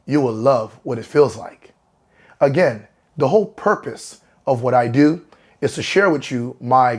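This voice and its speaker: A man who works as a hypnotherapist, talking gently and then leading a calm guided relaxation. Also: mid-range voice. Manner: slow, soothing guided instructions.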